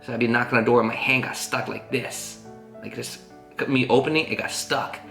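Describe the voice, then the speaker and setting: A man's voice: medium pitch, steady tone, brisk, creaky, bright, forceful tone. Earnest rambling man in an echoey room. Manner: rambling, earnest, full of "like" fillers. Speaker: family vlogger. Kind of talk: casual storytelling to camera. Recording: roomy echo with faint guitar music.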